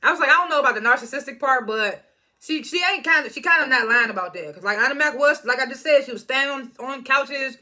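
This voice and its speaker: A woman's voice: high-pitched, quick pace, sharp tone. Chatty woman recapping reality TV. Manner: chatty, laughs often, mimics cast members. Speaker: reality show reviewer. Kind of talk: casual recap commentary.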